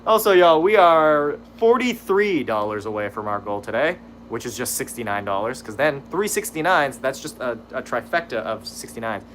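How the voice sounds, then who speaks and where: Animated young man chatting on stream. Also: mid-range voice, normal speed, a little hiss or hum. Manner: lively, swears casually, laughs at his own fumbles. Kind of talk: casual livestream chat reading viewer messages.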